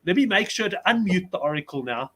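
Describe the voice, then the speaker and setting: A man's voice: sits high, big pitch swings, quick pace, a bit bright. A man hosting a casual panel chat over a video call, jokey and chatty. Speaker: show host.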